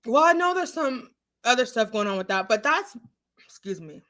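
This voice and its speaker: A woman's voice: fairly high pitch, normal speed. A woman hosting a casual live stream, chatting and laughing as she answers viewers' comments. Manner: chatty, animated, laughs often, talks back to chat.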